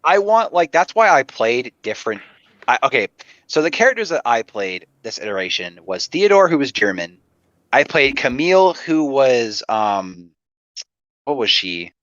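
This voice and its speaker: A man's voice: medium pitch, big pitch swings, moderate pace, a bit bright, no echo. Man, casual podcast chat, lots of filler words, swearing, dull lo-fi sound, dry. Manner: rambling, swears a lot, many "like" fillers. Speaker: podcast guest. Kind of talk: casual chat about roleplay.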